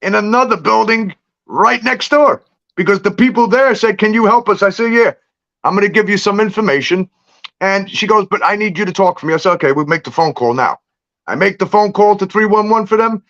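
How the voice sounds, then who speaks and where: This livestream guest has a high-pitched voice, and the recording cuts off the highs. He swaps street stories in casual chat, cursing freely and breaking into laughs as he animatedly tells them.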